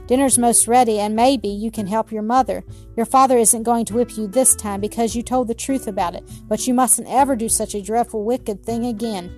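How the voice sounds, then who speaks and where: A woman voicing a kindly old grandmother in a storybook, gently firm. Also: a little high, fairly even intonation, fairly quick, soft background music, close to an everyday voice. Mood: gentle.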